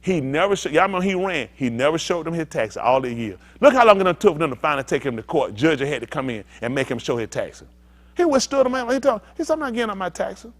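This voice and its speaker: Animated preaching pastor, man. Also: a little high, quick pace. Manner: animated, rousing, talks back and forth with the congregation. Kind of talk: preaching to a congregation.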